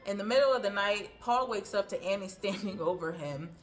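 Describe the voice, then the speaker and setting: A woman's voice: mid-range voice, brisk, soft background music. A woman hosting a casual movie recap, chatty, with frequent ums, laughs and asides.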